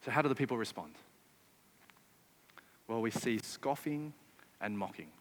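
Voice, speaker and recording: A man's voice: mid-range voice, expressive, moderate pace, long reverb tail. A man preaching a sermon, emphatic and often putting rhetorical questions to his listeners. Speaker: pastor.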